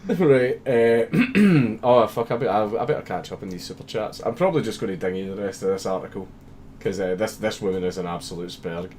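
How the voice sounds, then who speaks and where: A man's voice: lowish voice, a little fast, a crowd in the background. A young man hosting a livestream, reading viewer messages aloud with constant swearing and frequent laughter. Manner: swears constantly, laughs often, mock-reads comments. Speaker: livestream host.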